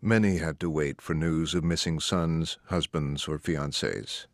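A man giving grave, measured documentary narration. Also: rumbling low, steady tone, no echo. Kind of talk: scripted narration. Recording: narration over loud music.

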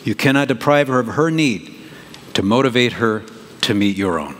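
A pastor preaching a sermon in an animated, conversational way, with big jumps in emphasis. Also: male voice, medium pitch, normal speed. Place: church sanctuary. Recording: reverberant church hall, faint noise.

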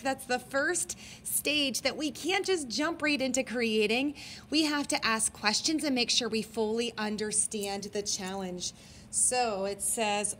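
A school librarian speaking to young children in a recorded lesson, explaining things step by step. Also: female voice, fairly high pitch, sharp tone, slight background noise. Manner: friendly teacher explaining step by step.

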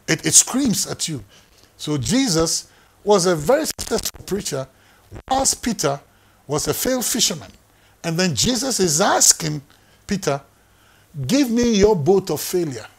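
A man delivers a sermon with a husky, slightly raised voice. He preaches emphatically, circling back on his phrases and stacking them for weight. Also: a little high. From Ghana. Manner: emphatic, repeats phrases for effect. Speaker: pastor.

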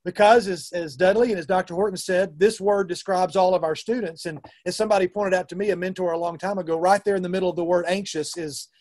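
A man's voice: high-pitched, fairly even intonation, fast, hardly any pauses, darkish tone. A middle-aged man with a Southern US accent, a youth minister giving an earnest, conversational talk to fellow ministers with frequent restarts.

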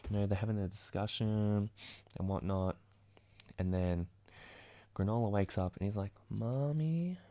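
A man hosts a casual comic recap in a rambling, chatty way. His voice sits on the low side. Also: level tone, moderate pace, pauses often, warm tone. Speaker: video host.

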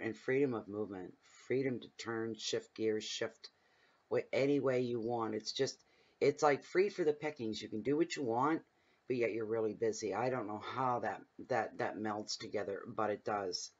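A man's voice: medium pitch, lo-fi sound. A man giving a casual tarot reading at home, talking in a rambling, chatty way that drifts into personal stories. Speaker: tarot reader. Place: home room at night, windows open.

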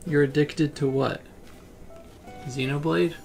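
A man's voice: on the high side, steady tone, slow pace, gravelly, darkish tone, faint music behind. A man chatting casually on a livestream while playing a game, laid-back and rambling. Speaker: game streamer. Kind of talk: relaxed livestream chat.

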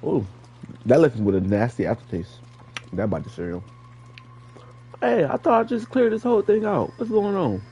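Man, gaming commentary, trash talk, lively swings in pitch, warm mellow tone. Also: moderate pace, creaky, pauses often, dull audio, slight background noise. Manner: playful trash talk at enemies; excitable, repeats catchphrases. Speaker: gaming streamer. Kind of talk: live gameplay commentary.

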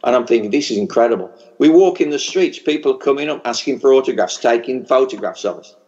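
A man's voice: mid-range voice, lively intonation, fast, darkish tone. A man with a strong working-class English regional accent preaches fervently to a conference crowd in a mid-range voice, moving from storytelling into a rousing blessing. The recording sounds a little dull and muffled. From England. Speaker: pastor. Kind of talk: sermon. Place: large church conference hall.

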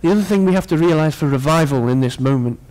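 Male preacher, slightly higher voice, sermon delivery, earnest with joking asides to the congregation. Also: fast, darkish tone.

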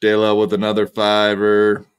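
A man's voice: fairly low pitch, completely flat delivery, moderate pace, clean tone. A man hosting a livestream, signing off in a laid-back way with crude jokes. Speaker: streamer host. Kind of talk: casual livestream sign-off.

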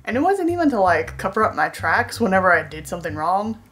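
A woman's voice: medium pitch, sing-song, quick pace, a bit bright, faint music behind. A young woman vlogger telling a storytime tale in a sarcastic, self-mocking way. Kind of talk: storytime monologue.

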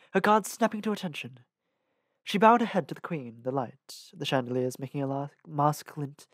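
A man's voice: fairly high pitch, no room sound. Man reading a novel aloud, dry sound. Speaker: audiobook reader. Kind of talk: audiobook narration.

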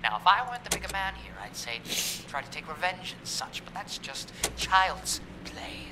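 A man's voice: sits high, big pitch swings, normal speed. A man voicing a condescending male engineer who leaves a recorded message for a rival in a horror game, explaining what to do. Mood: smug, instructive. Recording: loud background noise.

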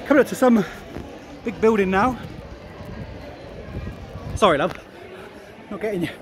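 A man with a high-pitched voice speaks a little slowly as he films a casual walk-and-talk vlog on a handheld camera. He chats, jokes, laughs often and swears now and then on a busy city street at night, with crowd and street noise all around.

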